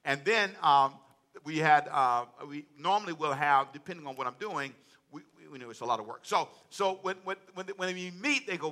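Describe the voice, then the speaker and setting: Lively high-voiced man preaching. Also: normal speed. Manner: animated preaching, acts out quotes, chuckles. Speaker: pastor. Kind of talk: sermon.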